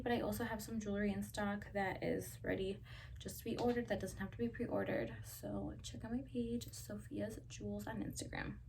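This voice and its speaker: A woman's voice: medium pitch, darkish tone. Chatty young woman, slightly distant mic. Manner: chatty, says "like" constantly, swears freely. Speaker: vlogger. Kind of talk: casual Q&A storytelling. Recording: voice a little distant from the mic, faint ambient noise.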